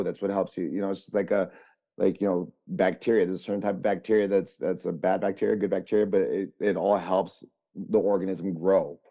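A man in recovery, a podcast guest, talking in a halting, reflective way with frequent fillers. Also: deep voice, mellow. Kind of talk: casual conversation.

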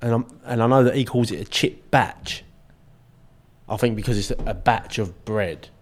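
A man's voice: mid-range voice, moderate pace, slight background noise. A young English man co-hosting a podcast in casual chat, joking around and often slipping into mock accents. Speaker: podcast co-host.

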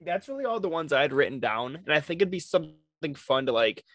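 Laid-back male podcast co-host, lively. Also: on the high side, fairly quick, no room sound. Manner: laid-back, laughs at his own attempts. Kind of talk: casual chat. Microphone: podcast microphone.

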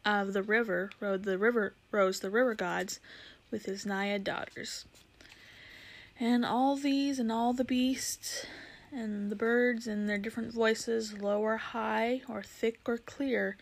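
A woman reading a storybook aloud in a measured, gentle way, with occasional slips. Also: on the high side, steady tone, vocal fry. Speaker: reader.

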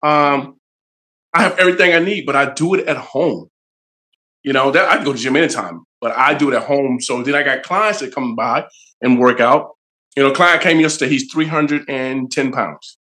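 A man's voice: medium pitch, moderate pace, bright, forceful tone. A man, a fitness trainer guest, giving blunt, motivating advice in a casual interview. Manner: blunt, motivating, plain-spoken.

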